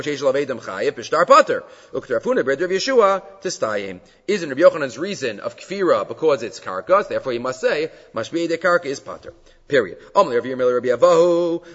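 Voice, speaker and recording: A man teaching a Talmud lesson in an emphatic, animated way, mixing Hebrew and Aramaic terms into his English. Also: a little high. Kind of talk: Talmud study lecture. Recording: dull sound with long reverb.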